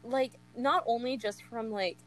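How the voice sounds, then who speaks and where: Young woman, unhurried but excitable book-chat co-host, laughs a lot, leans on "like". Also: on the high side, rough recording. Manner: gushing, laughs often, many "like" fillers. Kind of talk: casual chat.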